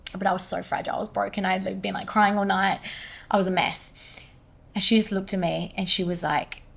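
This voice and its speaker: A young woman, an energy healer, telling a personal story in a podcast conversation, quoting others in lively bursts. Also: mid-range voice, brisk, gravelly.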